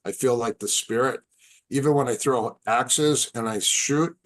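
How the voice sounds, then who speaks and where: A man, a martial arts instructor on a podcast as a guest, telling stories in a casual, animated, halting way. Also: mid-range voice. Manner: animated, halting, repeats words. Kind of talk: casual storytelling.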